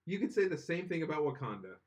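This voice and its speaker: A man's voice: fairly high pitch, very animated, fast. Opinionated man rambling on a podcast. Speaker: podcast co-host. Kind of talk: casual podcast chat.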